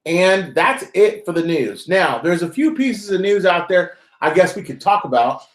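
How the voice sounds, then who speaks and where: A man's voice: high voice, animated, normal speed. Roomy-sounding man hosting a call-in stream. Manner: loose, rambling, jokey, taking callers. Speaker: host of a live call-in currency show. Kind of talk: casual live-stream chat. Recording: roomy echo.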